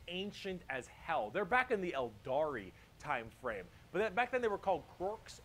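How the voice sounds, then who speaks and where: A man with a somewhat high voice, explaining game lore in a joking, animated way. He swears freely and keeps a casual, offhand tone. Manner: jokey, profane, animated. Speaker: lore video narrator.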